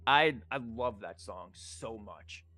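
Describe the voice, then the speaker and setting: A man's voice: medium pitch, lively intonation, slow pace, bright, forceful tone. A man with a sore throat, chatting casually as he comments on a card game, rambling with fillers. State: sore throat, losing his voice. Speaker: streamer and teacher. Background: game music.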